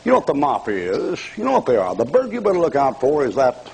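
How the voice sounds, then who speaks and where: A man's voice: medium pitch, wildly swooping pitch, fast talker, gravelly, a little mellow, rough recording. An older man preaching a televised fire-and-brimstone sermon, mocking and taunting his audience with bursts of laughter.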